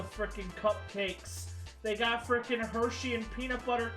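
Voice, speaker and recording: A live streamer giving casual reaction commentary, excitable, gushing loudly and then trailing off into mumbles. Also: medium pitch, normal speed. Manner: excitable, swings between loud gushing and mumbling. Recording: clear music under the voice. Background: background music.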